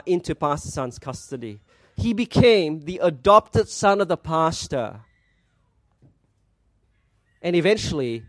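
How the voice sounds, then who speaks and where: A man's voice: fairly high pitch, no echo. A man preaching a sermon as pastor, earnest, asking rhetorical questions and quoting scripture.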